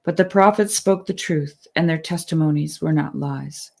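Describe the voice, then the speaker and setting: A woman podcast host who reads a passage aloud and then chats casually, earnest and quick to laugh. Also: low-pitched, vocal fry. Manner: earnest, quick to laugh, lively when excited.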